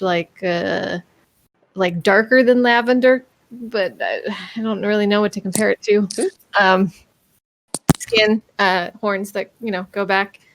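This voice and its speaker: A woman in her twenties narrating as game master, halting and searching for her words. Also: mid-range voice, vocal fry.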